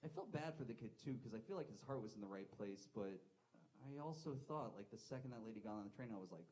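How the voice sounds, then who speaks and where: A man's voice: on the low side, lively intonation, fast, darkish tone, poor audio. A man doing a live stand-up set at a comedy club, rambling and self-deprecating, swearing a lot. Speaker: stand-up comic.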